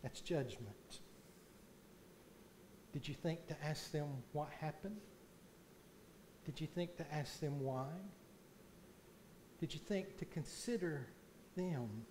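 A man delivers a sermon in a church, taking his time over each phrase and rising to loud, fervent peaks when he drives a point home. His voice sits fairly high for a man, with a faint background hiss behind it. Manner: slow deliberate preaching, swelling loud on key points. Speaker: pastor. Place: church sanctuary.

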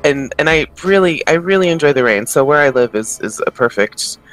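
A man's voice: a little high, expressive, brisk, fairly bright tone, soft background music, poor audio. A man co-hosting a podcast in casual chat, hesitant and often repeating his words with small laughs. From Pacific Northwest of the United States. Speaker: podcast co-host.

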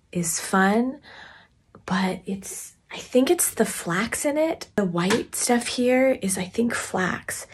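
A woman chatting casually in a craft vlog, laughing often and slipping into quick whispered asides. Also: mid-range voice, darkish tone, a little hiss or hum. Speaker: craft vlogger.

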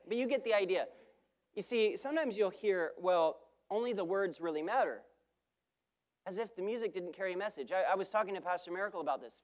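Emphatic man preaching a sermon. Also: high-pitched. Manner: emphatic, repeats key phrases, self-correcting asides. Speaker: guest preacher.

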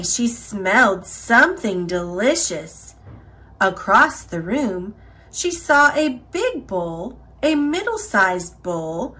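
With a fairly high-pitched voice, a woman reads a children's picture book aloud, taking an expressive, deliberate storytelling approach.

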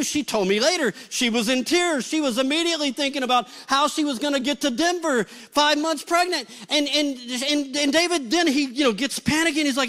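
A middle-aged male pastor telling a funny story in a sermon, acting out the quotes with lively energy. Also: very high-pitched, brisk, hardly any pauses. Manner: animated, comic retelling with acted-out quotes.

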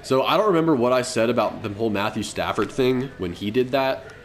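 A man's voice: mid-range voice, fairly quick. A young man, a podcast co-host, telling a story in loose, profane casual chat and laughing often. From Colorado.

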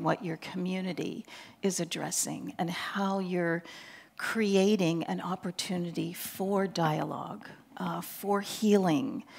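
A woman in her sixties from Pennsylvania, a counseling professor giving a reflective, conversational seminar talk at a church, with frequent fillers and a voice that often drops soft and low. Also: creaky, a little hiss or hum. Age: 60s.

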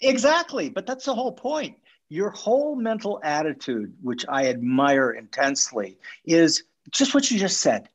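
A man's voice: on the high side, big pitch swings, moderate pace. A man from Minnesota hosting a podcast, chatting casually and rambling through restarts. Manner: warm, rambling, lots of restarts and fillers. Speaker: podcast host. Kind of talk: casual interview chat. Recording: dull lo-fi sound.

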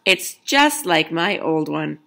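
A woman voicing a cheerful, proud old grandfather in a storybook, speaking slowly and pleased. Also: low-pitched, sing-song, vocal fry, pushed and bright, full character voice.

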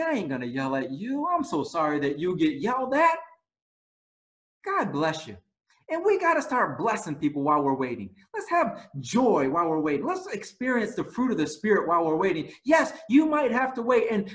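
A man preaching a sermon, telling lively stories and closing in soft prayer. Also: high voice. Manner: animated storytelling, rising to loud exclaims. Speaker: pastor.

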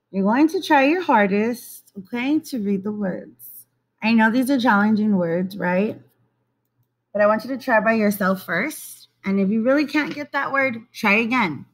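A woman teaching young children to read in a recorded video lesson. She speaks at an unhurried pace and stretches and repeats every word. Her manner is coaxing and encouraging. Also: on the high side. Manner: slow, drawn-out word repetition, coaxing.

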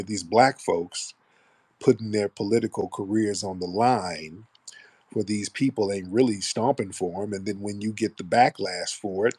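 A man's voice: lowish voice, a little mellow, husky. A man hosting a casual live stream, talking bluntly and sarcastically about the news. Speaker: host.

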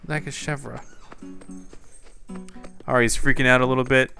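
A man's voice: mid-range voice, steady tone, normal speed, long pauses, clean tone, soft background music. A man giving casual, chatty gameplay commentary, talking to himself and to someone off-mic, and now and then calling out a name. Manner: repeatedly shouts a name into the game mic. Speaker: gaming YouTuber.

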